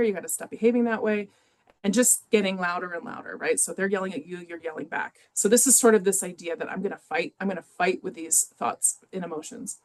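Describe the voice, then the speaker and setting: A woman, an adult with children in youth sports, presents an educational webinar in a relaxed, conversational manner. Her voice sits at a middling pitch, and she often pauses on small fillers while working through examples.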